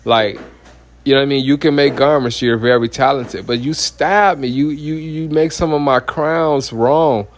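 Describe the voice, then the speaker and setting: A man's voice: mid-range voice, fairly even intonation, moderate pace. Guy in his 30s ranting about church stuff, blunt and cussing, keeps going "you know what I mean". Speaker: minister. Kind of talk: heated personal testimony monologue.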